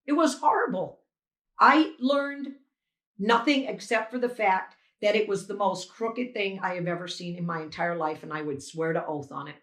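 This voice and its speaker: A woman's voice: medium pitch, normal speed, fairly bright tone. An older woman giving an emphatic, indignant first-hand witness statement as a poll challenger, retelling events as dialogue. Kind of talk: emotional first-hand testimony. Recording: echoey room.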